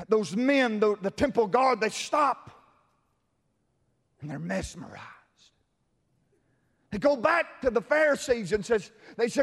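A man preaching from the pulpit with a strikingly high voice, his sermon rising into a musical, sing-song cadence. He swings between hushed, tender lines and ringing shouts, and his words hang in the long reverb of a church sanctuary. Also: vocal fry. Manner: impassioned, swings from soft murmurs to shouting.

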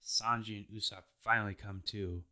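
A man's voice: lowish voice, steady tone, pushed and bright. A man casually retelling anime episodes as a podcast host, laid-back and playful. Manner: slow, laid-back retelling with playful put-on character voices. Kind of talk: casual recap chat.

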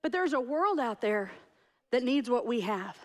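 A middle-aged woman, preaching a lively sermon as pastor and telling stories. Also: a little high, moderate pace. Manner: animated, storytelling with acted-out quotes.

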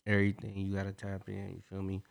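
A man hosts a podcast in a relaxed, slangy manner, teasing his co-host. His voice sits a bit low and sounds close and dry on a podcast mic. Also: fast talker, gravelly, no room sound. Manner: laid-back, slangy, teasing. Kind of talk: casual podcast chat.

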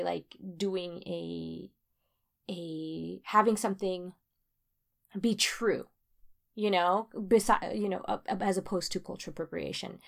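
A woman in casual conversation, rambling and restarting, getting animated when she makes a point. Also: mid-range voice, creaky. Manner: rambling, self-interrupting, animated when emphatic.

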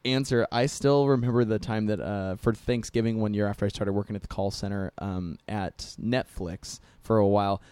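A man's voice: lowish voice, fairly even intonation, moderate pace, hardly any pauses, darkish tone, clean tone, dry recording. A middle-aged man hosting a casual podcast chat, talking in a chatty, joking way with lots of fillers. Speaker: podcast host.

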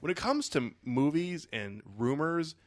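A man's voice: a little high, big pitch swings, normal speed, no room sound, studio quality. A young man hosting a podcast, chatting loosely about movies and swearing casually. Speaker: podcast host. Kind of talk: casual chat.

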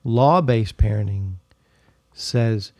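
A man in a casual conversation who explains ideas in a careful, measured way. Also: on the low side, darkish tone, no room sound. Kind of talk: casual chat.

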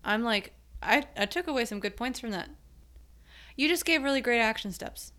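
A woman's voice: a little high, expressive, normal speed, fairly bright tone. A young woman hosting a podcast in casual chat, chatty and laughing often. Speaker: podcast host.

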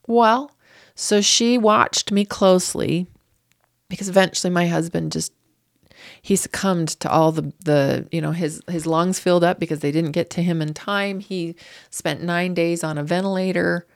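A woman's voice: fairly low pitch, fairly even intonation, normal speed, creaky. A woman guest telling a painful personal story in an interview, raw and grieving, her voice surging up when upset. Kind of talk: emotional interview.

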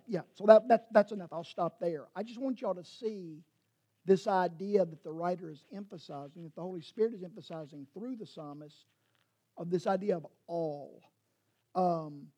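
A man's voice: high voice, moderate pace, dark tone. A man, a pastor preaching a sermon in a rambling, self-correcting way and teasing his congregation.

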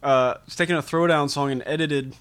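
A man's voice: fairly high pitch, steady tone, brisk, a bit bright. A man co-hosting a casual chat about toys and movies, laid-back and often echoing his co-host. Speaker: podcast co-host.

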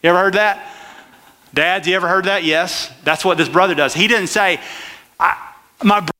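Brief: male pastor, high bright voice, chatty sermon, asks the room questions. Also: brisk, big-room sound. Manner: conversational, questions the crowd directly.

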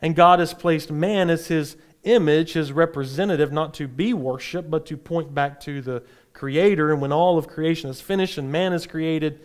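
A man teaching a Bible class, explaining in a relaxed, explanatory way with frequent fillers. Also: on the high side, moderate pace, few pauses.

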